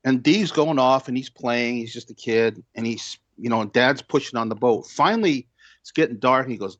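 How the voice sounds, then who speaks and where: A man in his sixties, a pastor and guest, telling stories in a measured way and acting out the dialogue. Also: medium pitch, animated, no room sound, dull audio. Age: 60s. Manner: measured storyteller who acts out dialogue. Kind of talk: storytelling in an interview.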